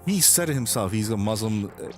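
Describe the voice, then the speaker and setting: A man's voice: on the low side, animated, fairly quick, soft background music. A young man livestreaming, talking in a heated, profane rant, stumbling and restarting his sentences. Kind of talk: casual chat.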